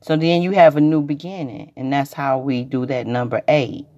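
A woman's voice: a bass voice, fairly even intonation, moderate pace, dark tone, dull audio. A woman hosting a rambling, preachy spiritual livestream monologue that circles back and repeats itself. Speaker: podcast host.

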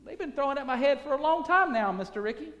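A man's voice: very high-pitched, animated, fast, fairly bright tone, dull audio, pitched above the performer's own voice. A male preacher voicing a composed young male ballplayer who answers in an earnest, restrained way, in an echoey hall. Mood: firm.

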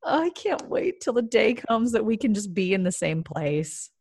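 A young woman co-hosting a podcast, chatting in a bubbly way and quick to exclaim. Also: medium pitch, big pitch swings, darkish tone, husky, no room sound, clean studio sound. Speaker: podcast co-host. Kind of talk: casual chat.

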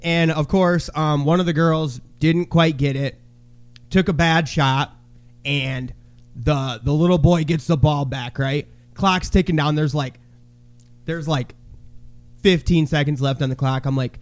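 High-voiced man telling a crude story. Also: unhurried. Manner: loud, crude storytelling, shouting quotes. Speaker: podcast co-host. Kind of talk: casual chat.

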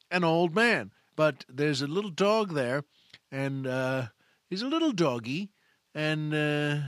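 A man's voice: a little high, fairly bright tone, dry recording, clean studio sound. A man hosting a podcast, telling a film anecdote in a chatty, enthusiastic way, often restarting his phrases. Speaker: podcast host. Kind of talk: casual anecdotal storytelling.

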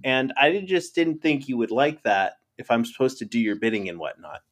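A man's voice: medium pitch, a little fast. A man playing a tabletop game, goofy and rambling, playful in character. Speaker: player.

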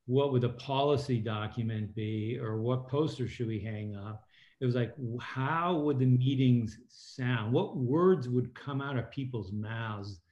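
A middle-aged man talks as an interview guest and spins his stories with energy, slipping into other people's voices as he quotes them. He sits at an ordinary pitch, and the sound is roomy and a little dull. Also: a little slow. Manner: animated storyteller, quotes people in lively voices. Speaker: guest, former submarine captain and author. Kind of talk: conversational interview storytelling.

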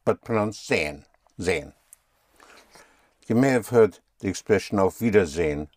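A man's voice: low voice, expressive, normal speed, a little mellow, dry recording, clean studio sound. A man teaching German in a patient one-on-one lesson, often spelling words out letter by letter.

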